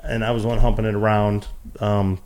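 A man's voice: on the low side, little pitch movement, brisk, a little mellow. A man talking casually as a podcast guest about a game he invented, rambling and swearing, with lots of restarts. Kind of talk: casual chat.

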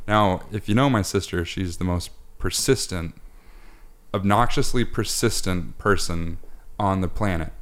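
A fairly low-voiced man chats loosely with his dad on a podcast. He tells family stories in a rambling way, swears freely and often laughs at his own tales. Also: measured pace. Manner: profane, laughing storyteller. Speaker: podcast host interviewing his father. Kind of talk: casual chat, family storytelling.

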